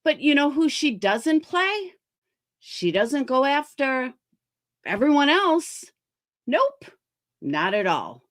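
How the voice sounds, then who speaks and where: A woman's voice: sits high, sing-song, slow pace. A woman streamer ranting heatedly about other creators, swearing often and sounding exasperated. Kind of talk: livestream commentary rant.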